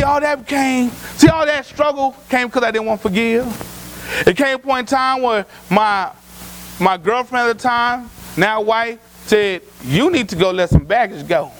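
A man preaching a sermon as pastor, moving from loud shouts to quiet hushed lines. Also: very high-pitched, slight background noise, low-quality recording. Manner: preaching with rising shouts and sudden drops to a hush.

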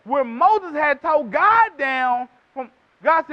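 A man's voice: very high-pitched, lively intonation, slow pace. A man preaching a sermon emphatically, acting out quotes in voices, in a dull lo-fi recording.

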